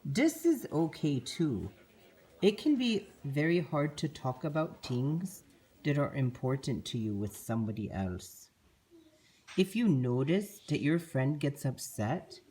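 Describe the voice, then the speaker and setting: Casting: a woman as a very low-voiced, breathy unicorn host for a kids show, soothing and patient. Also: big pitch swings, mellow, heavily acted. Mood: calm. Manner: slow, soothing, teaching.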